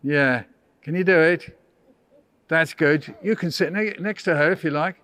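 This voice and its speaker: A man's voice: a little high, measured pace, fairly bright tone, no echo. An older English man leading a school workshop for small children, playful and coaxing, counting them into call-and-response chants. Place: indoor school room with children.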